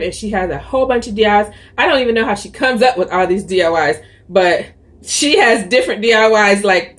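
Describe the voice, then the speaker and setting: Chatty woman vlogger, candid and rambling. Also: mid-range voice. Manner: chatty and candid, with frequent ums and restarts. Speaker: YouTuber. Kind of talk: casual chat to camera.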